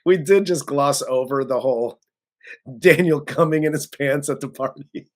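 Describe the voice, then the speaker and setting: A co-host of a movie review show in casual chat, recapping the plot in an animated, giggly way. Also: medium pitch, moderate pace.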